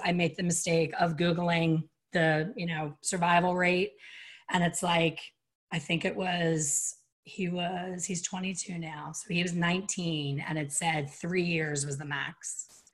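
Speaking in a lowish, unhurried voice, a middle-aged woman shares a personal story as an interview guest. She's frank and lively, performing the voices of anyone she quotes.

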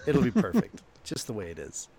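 Casual podcast host, a man who laughs at himself, with a lively, swinging pitch. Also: brisk, slightly rough. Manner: laughing, self-deprecating.

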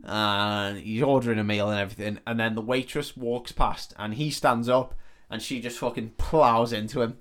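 A man co-hosting a comedy podcast, retelling a story in a loose, sweary, chatty way. His voice sits at a middling pitch, and he jumps into the characters' lines as he goes. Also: fairly even intonation, moderate pace, a bit bright. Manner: sweary, laughing storyteller acting out scenes. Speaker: podcast co-host. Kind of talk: casual comedic film recap.

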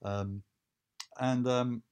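A man's voice: mid-range voice, fairly even intonation, drawn-out words, darkish tone, smooth. Rambling man telling a story. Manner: rambling, hesitant, with many fillers and restarts. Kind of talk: anecdotal storytelling.

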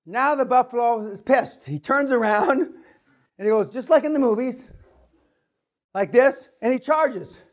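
A man with a fairly high voice tells a story to a seminar audience. He swears freely and keeps acting out the sounds of the action. His delivery is lively and unfiltered. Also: unhurried. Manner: profane, lively storyteller who acts out sounds. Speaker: seminar speaker. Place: seminar room.

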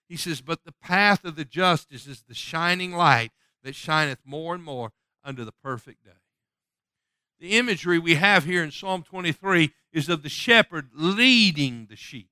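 A man preaching a sermon who swings from loud, ringing passages to soft, hushed appeals and quotes scripture in old-fashioned wording. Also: fairly high pitch, normal speed, clear, resonant tone, no room sound, studio quality. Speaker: pastor.

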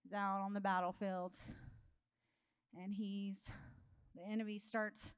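A woman preaching a humorous sermon in a conversational style, telling animated stories and laughing often. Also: mid-range voice, slow, clear, resonant tone. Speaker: guest preacher.

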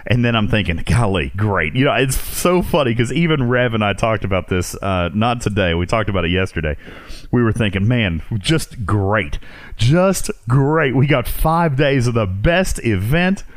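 A man hosting a podcast, chatting casually and excitedly about a mobile game, laughing often and restarting sentences. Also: fairly low pitch, moderate pace, no room sound. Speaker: podcast host.

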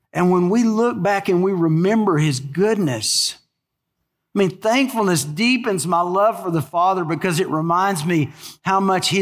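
An older man preaching a sermon in a folksy, animated way, full of stories and rhetorical questions. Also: on the high side. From American South. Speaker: pastor.

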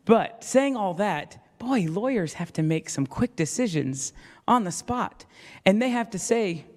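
Self-mocking pastor preaching in a reverberant church. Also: male voice, high-pitched, animated, measured pace. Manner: storytelling, self-mocking, acts out voices in quotes. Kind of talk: sermon. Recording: long reverb of a church hall.

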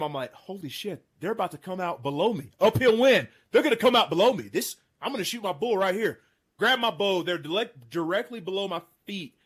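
A man in his thirties hosting a casual chat, telling a hunting story with excitement and frequent laughs. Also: high voice, husky. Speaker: podcast host. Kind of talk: casual storytelling among friends.

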